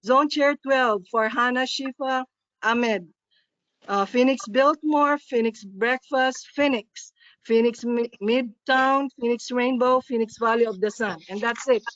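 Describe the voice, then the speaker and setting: A woman briskly reading through a list of names and places on a video call. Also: fairly high pitch, fairly bright tone, no echo. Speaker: club officer reading a list. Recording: muffled, dry video call audio.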